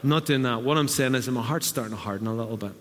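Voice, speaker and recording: A man's voice: medium pitch, rapid-fire, a bit bright, slight background noise. Middle-aged guy preaching in a church hall, chatty, slips into voices for quotes, lots of reverb. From Northern Ireland. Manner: conversational, acts out quotes in raised voice. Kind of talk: sermon.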